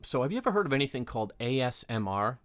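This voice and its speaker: A man's voice: mid-range voice, sing-song, quick pace, a bit bright, no echo, clean studio sound. A man co-hosting a radio-style podcast, talking in a playful, chatty way with plenty of fillers. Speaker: podcast co-host. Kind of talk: casual chat.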